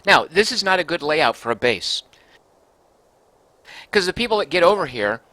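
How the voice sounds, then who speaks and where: A man's voice: fairly high pitch, big pitch swings, normal speed, sharp tone. A man casually commenting as he streams a game, thinking aloud and reading out viewer comments.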